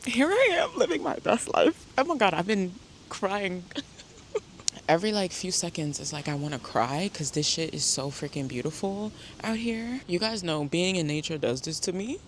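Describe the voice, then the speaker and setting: A woman's voice: on the low side, lively intonation, normal speed, a little hiss or hum. A woman vlogging on a wooded park trail, talking to her viewers in a chatty, emotional way. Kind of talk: casual vlog talk to camera. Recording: background music over outdoor voice.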